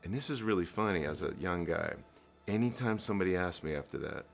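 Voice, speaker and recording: Deep gravelly man telling his story. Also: lively intonation, quick pace, faint music behind. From New Jersey, USA. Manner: earnest storytelling with fillers and restarts. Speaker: entrepreneur guest. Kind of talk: candid life-story interview.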